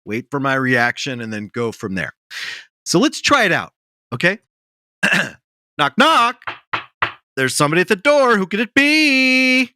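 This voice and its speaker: A man in middle age holds forth as a pompous improv teacher, rambling and bossy in a deadpan, mock-serious tone. His voice sits fairly high and bright, swinging widely up and down, and the sound is close and dry. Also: a little slow, dry recording. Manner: bossy, rambling, self-important. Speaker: comedian guest.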